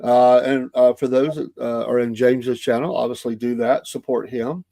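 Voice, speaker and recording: A man's voice: mid-range voice, fairly even intonation, normal speed, vocal fry, mellow, no echo, clean studio sound. A man co-hosting a morning talk show, chatting casually with plenty of hesitations and filler words. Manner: chatty, hesitant with frequent uhs.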